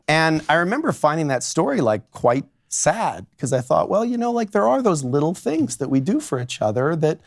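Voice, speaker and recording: A man's voice: fairly high pitch, big pitch swings, moderate pace, vocal fry, hardly any pauses, no room sound, clean studio sound. A man working as a divorce lawyer, telling a story in a chatty way full of fillers. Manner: chatty, many fillers like "like" and "you know". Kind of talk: anecdotal storytelling.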